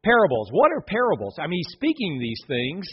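A husky-voiced man in his forties preaches in a loose, joking way, telling stories and acting out the people in them. His voice sits a little high for a man. The recording is dull and muffled. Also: wildly swooping pitch, fairly quick. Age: 40s. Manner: joking storyteller, acts out voices. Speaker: pastor. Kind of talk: casual sermon. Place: church sanctuary.

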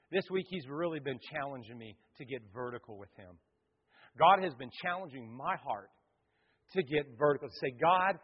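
A man delivers a sermon in a high, slightly husky voice, leaning hard into some words and letting others fall quiet. The church hall gives a long, ringing echo. The whole recording sounds dull and lo-fi. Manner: preaching with sudden loud swells and quiet drops. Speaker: pastor.

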